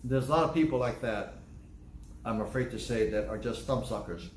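A man's voice: mid-range voice, moderate pace, reverberant, a little hiss or hum. An older man preaching a sermon as pastor, emphatic and repetitive, acting out excuses people give. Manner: emphatic, repetitive, acts out church members' excuses. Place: church.

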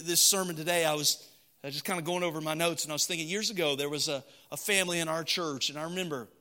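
A middle-aged man, preaching a sermon in church and telling stories, shifting between loud emphatic stretches and low quiet ones. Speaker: pastor. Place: church sanctuary.

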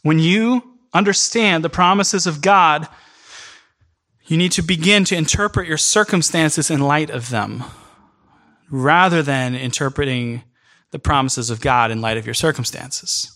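A man preaching a sermon in an earnest, emphatic way, speeding up in bursts and then slowing down. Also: a little high, pushed and bright. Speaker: pastor. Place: church in New York City.

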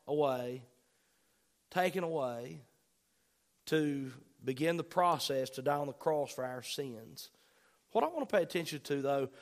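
A high-pitched man delivers a sermon. He leans on repetition to drive points home and slows deliberately when reading verses aloud. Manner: emphatic, repeats key phrases, reads scripture slowly. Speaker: preacher.

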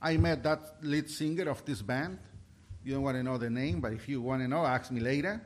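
A man preaching a sermon, impassioned and halting, with restarts, swinging between loud and soft. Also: mid-range voice. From Mexico.

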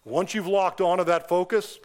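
A man with a fairly high voice preaching an impassioned sermon in a church. His delivery is emphatic, and his voice climbs and falls suddenly as he drives each point home. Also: steady tone, moderate pace. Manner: impassioned, emphatic preaching with sudden rises and drops in pitch and loudness. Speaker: pastor.

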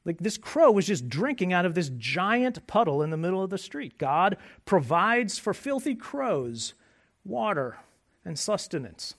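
Lively, high-voiced man preaching a sermon. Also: a little slow. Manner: animated preaching with jokes, dropping to soft hushed phrases. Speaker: pastor.

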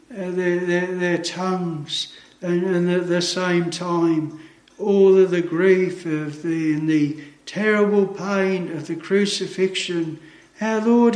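A man pastor preaching a sermon in a chapel, earnest and solemn, quoting scripture slowly. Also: high-pitched, echoey room, low-quality recording.

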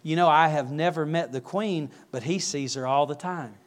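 A man's voice: on the high side, normal speed, background noise, close to an everyday voice. A man voicing a friendly elderly queen in a sermon story, in his own lightly shifted voice. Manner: friendly, chuckling. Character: gracious elderly queen chatting with tourists.

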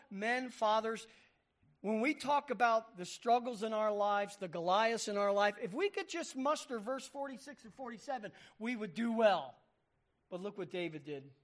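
A man with a high voice preaches a sermon. He reads scripture aloud with emphasis and acts out the voices in the passages. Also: expressive, measured pace, fairly bright tone.

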